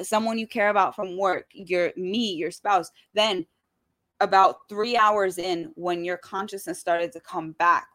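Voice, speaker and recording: A young woman telling a story in casual chat, animated and swearing freely. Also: on the low side.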